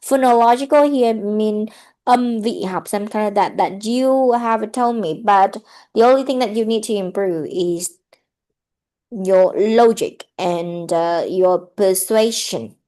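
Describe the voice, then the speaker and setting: Woman teacher, slow patient feedback on a video call, keeps asking okay. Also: medium pitch, mellow. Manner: patient, corrective, repeats "okay?" often. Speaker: English speaking tutor. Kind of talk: feedback in an online speaking lesson.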